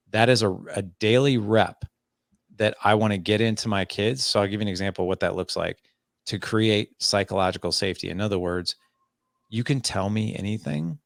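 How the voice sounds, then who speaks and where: A man's voice: low-pitched, creaky, dry recording, clean studio sound. A man in his forties, a parenting coach guest on a podcast, telling stories and acting out talks with his son. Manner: animated, acts out dialogue with his son. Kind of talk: conversational interview storytelling.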